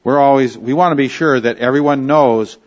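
A man from Canada preaching a verse-by-verse sermon, leaning on key words and dropping soft at the ends of phrases. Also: medium pitch, brisk. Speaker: pastor. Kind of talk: expository sermon. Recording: slightly dull lo-fi sound.

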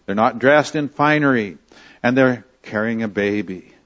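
A man from Canada preaching a verse-by-verse sermon, leaning on key words and dropping soft at the ends of phrases. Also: mid-range voice, moderate pace. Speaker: pastor. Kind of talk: expository sermon. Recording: slightly dull lo-fi sound.

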